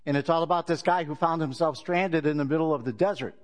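A man's voice: on the high side, fast talker. Joking man opening a sermon. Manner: conversational storytelling with jokes. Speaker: pastor.

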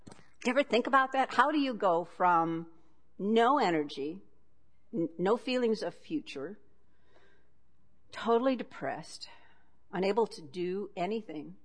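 A woman's voice: medium pitch, lively intonation, unhurried, pauses often. A woman giving a conversational talk, reading passages from a book and adding wry asides with frequent chuckles.

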